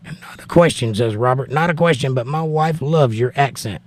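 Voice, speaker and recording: A man with a Southern accent from Georgia talks to his livestream chat at a middle pitch. He reads viewers' messages aloud and answers them bluntly, arguing scripture in a plain, direct way. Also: normal speed. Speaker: livestream host reading chat.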